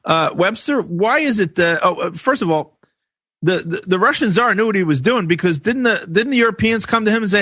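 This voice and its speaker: High, bright-voiced man hosting a radio interview. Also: lively intonation, dry recording. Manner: halting, stammering questions. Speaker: radio host.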